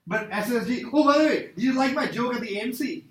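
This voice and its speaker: A man's voice: extremely high pitch, lively intonation, fast. A man teaching a math class, joking with students and quizzing them as he works problems. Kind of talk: classroom lecture. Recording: echoey room from far off, faint noise.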